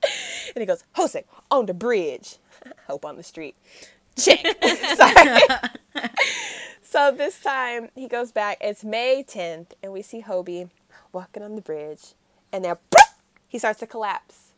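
A woman retells a show's plot in an animated, chatty way, slipping into the characters' voices as she goes. Her pitch swings widely. The sound is dry and close. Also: takes it slowly, pauses often, no room sound. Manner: animated storyteller, acts out characters' lines, laughs often. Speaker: podcast co-host recapping a series. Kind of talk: casual chat.

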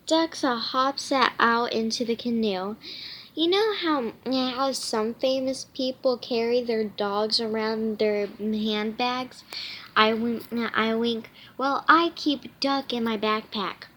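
Woman reading a kids' book aloud, slow and high-pitched, often restarting. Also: fairly bright tone, a little hiss or hum. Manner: halting, many false starts and self-corrections. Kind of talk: reading a children's novel aloud.

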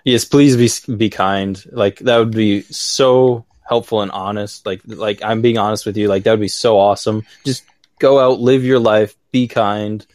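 A man's voice: lowish voice, steady tone, moderate pace, darkish tone, no room sound. A man hosting a podcast, chatting in a rambling, upbeat way with lots of "like"s. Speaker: podcast host. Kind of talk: casual chat.

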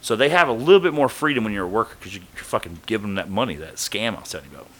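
A man's voice: on the low side, rapid-fire, slight background noise. A man telling a story casually on a podcast, swearing freely and acting out other people's lines. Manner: profane, animated, acts out quoted voices.

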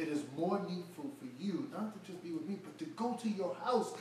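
A brisk pastor barely pauses as he acts out Bible characters in casual everyday speech during a verse-by-verse expository sermon. His mellow voice sits high with lively intonation, heard far off the mic in an echoey room over slight background noise.

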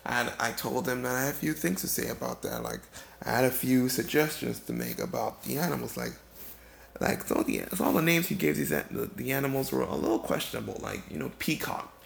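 A tired man spins a comic tale in a very gravelly voice, stumbling over his words and circling back. His voice rings around a bare room with faint hiss underneath. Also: mid-range voice, animated. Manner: rambling and halting, full of fillers and restarts. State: tired and yawning. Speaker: comedic storyteller. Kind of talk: improvised comedic monologue. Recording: echoey room with faint noise.

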